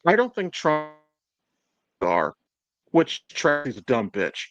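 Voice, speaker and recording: Brief: chatty male podcast host, swears freely, fairly high voice, dry close sound. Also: huge pitch swings, slow, fairly bright tone, no room sound, muffled recording. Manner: profane, rambling, laughs often. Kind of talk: casual chat.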